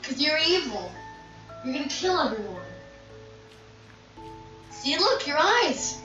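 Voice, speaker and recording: Speaking slowly and pausing often, a woman with a high, sing-song, sharp-toned voice gives casual let's-play commentary. She grumbles at the game and scolds the animals on screen. Game music plays while the distant mic sounds dull and echoey.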